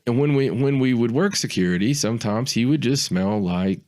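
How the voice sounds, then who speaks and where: A man's voice: medium pitch, a little fast. A man co-hosting a podcast, telling a story in a rambling, casual way, often repeating words and acting out quotes. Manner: rambling, repeats words, animated when quoting others. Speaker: podcast co-host.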